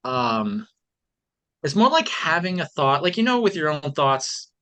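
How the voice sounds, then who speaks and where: A man's voice: a little high, sing-song, a little slow, sharp tone. Earnest man sharing as a podcast guest. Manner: earnest, reflective, many fillers. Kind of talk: casual interview talk.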